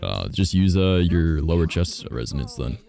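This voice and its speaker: A man's voice: very deep voice, big pitch swings, normal speed, vocal fry, dark tone. A Canadian man from Southern Ontario streaming in a social VR game, joking and swearing in casual chat about voices and accents. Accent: Canadian, hidden under a general American sound.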